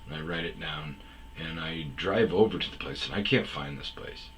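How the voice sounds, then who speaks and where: A man's voice: very deep voice, normal speed, fairly bright tone, slight background noise, low-quality recording. A man telling a long personal story in a rambling, casual way, full of fillers and quoted back-and-forth. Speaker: podcast host telling stories.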